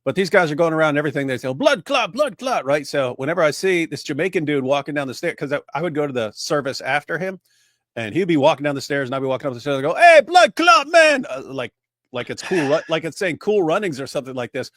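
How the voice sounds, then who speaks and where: A man's voice: on the high side, quick pace, no echo, studio quality. A man chatting casually on a livestream, telling rambling anecdotes with lots of filler words. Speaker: co-host.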